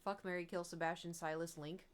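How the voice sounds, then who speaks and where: A woman's voice: lowish voice, fairly even intonation, a little fast. A woman livestreamer in casual, rambling chat, candid and swearing freely with frequent laughs.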